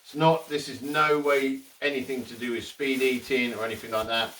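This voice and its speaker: A man's voice: medium pitch, flat delivery, moderate pace, a bit bright, recorded from a distance, a little hiss or hum. A man hosting his own cooking channel, talking to camera in a chatty, rambling way with jokey asides. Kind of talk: casual cooking vlog.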